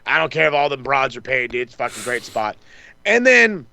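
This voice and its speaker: A man's voice: mid-range voice, big pitch swings, brisk, gravelly, bright, forceful tone, no echo. A man co-hosting a wrestling podcast, rambling through a casual recap, swearing freely and acting out the wrestlers' lines. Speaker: podcast co-host.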